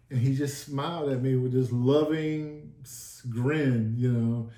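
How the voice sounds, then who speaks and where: A man's voice: mid-range voice, fairly even intonation, slow pace, mellow. A man telling his testimony in a casual sit-down talk, earnest and emotional, acting out the dialogue he recalls. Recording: echoey room.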